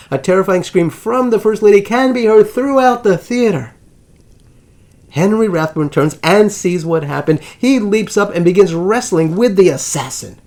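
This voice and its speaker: A man telling a historical story as scripted narration, with dramatic pacing and drawn-out suspense pauses. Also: sits high, darkish tone. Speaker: history channel host.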